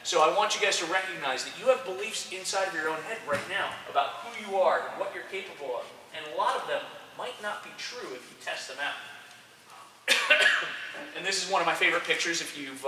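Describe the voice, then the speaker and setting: Speaking fairly quickly in a bright, forceful voice pitched a little high, a male soccer coach gives a motivational talk to young athletes. He's energetic and direct, addressing the group with frequent "okay" check-ins. A distant mic catches him in a large room with roomy echo and faint background noise.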